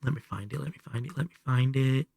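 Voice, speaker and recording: Male livestreamer, mid-pitched voice, chatty and self-mocking, close dry sound. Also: quick pace, vocal fry, a little mellow, breathy edge, dry recording. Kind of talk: casual live gameplay commentary.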